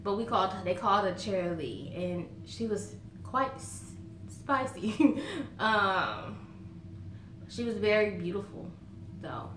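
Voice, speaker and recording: A woman's voice: mid-range voice, expressive, slow, a bit bright, a little hiss or hum. A woman with a Southern American accent chatting to camera in a folksy way, laughing often as she tells stories. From Southern United States. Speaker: vlogger. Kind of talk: casual chat to camera. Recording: roomy echo.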